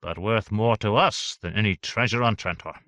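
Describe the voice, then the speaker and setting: A man voices a scheming, unctuous official in an audiobook, his voice on the low side at a moderate pace. The character sounds oily and pushy, veering into volatile shouting, in clean studio audio with no echo.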